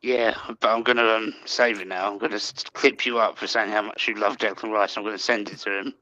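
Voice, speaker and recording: A man's voice: fairly low pitch, fairly even intonation, brisk, sharp tone, no room sound. Laid-back man teasing over a dull lo-fi line. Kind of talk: casual banter.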